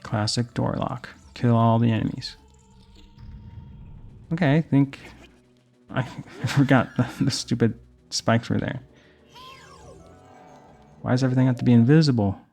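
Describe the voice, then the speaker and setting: A man's voice: mid-range voice, fairly even intonation, a little slow, vocal fry, long pauses, a little mellow. A young adult man casually commenting on a video game while telling rambling personal stories, with game music underneath. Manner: rambling storytelling while playing. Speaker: gaming host. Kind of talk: casual let's play commentary.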